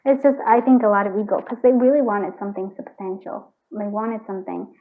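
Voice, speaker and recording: A woman reads tarot cards at home in a loose, rambling way, her talk full of fillers. Her voice sits at an ordinary middle pitch. The sound is thin and narrow, like a phone line. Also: fairly quick. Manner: rambling and chatty, full of "like" and frequent laughter. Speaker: tarot card reader. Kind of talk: casual pick-a-card tarot reading.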